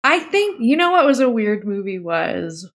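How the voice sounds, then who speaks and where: A woman co-hosts a relaxed movie podcast. She teases herself and giggles often, and her talk moves along with easy, playful energy. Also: medium pitch, moderate pace. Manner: playful, self-mocking, giggly. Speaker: podcast co-host. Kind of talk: casual film podcast chat.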